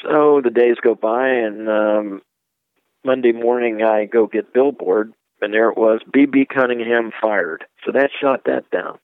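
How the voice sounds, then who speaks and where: A man's voice: medium pitch, unhurried, clean tone, no room sound. An older man from Ohio, a record producer, telling rambling stories as an interview guest and acting out the voices of the people he quotes. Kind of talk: anecdotal storytelling interview. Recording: tinny phone-like line, dry.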